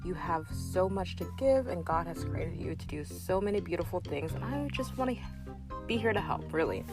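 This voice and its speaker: Over background music, a young woman hosts her own podcast in a fairly low, expressive voice at a moderate pace. She speaks earnestly and encouragingly right to the listener, loose and chatty, with fillers and restarts, in a casual solo format.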